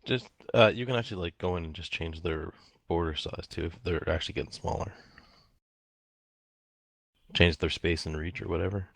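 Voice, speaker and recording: Very deep-voiced guy playing a tabletop game online, chill, giving tips, dry close mic. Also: moderate pace, vocal fry, pauses often, dry recording. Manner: laid-back, offers tips to the game master. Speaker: player. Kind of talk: casual game chat.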